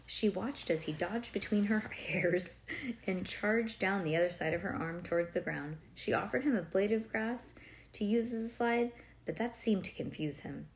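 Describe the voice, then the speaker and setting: A woman's voice: mid-range voice, normal speed. A woman reading a children's storybook aloud in a home recording, breaking off to chat, quiz her listener and explain things, with many "like"s and "um"s. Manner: conversational, quizzes the listener, digresses with "like" and "um". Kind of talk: storybook reading with chatty asides.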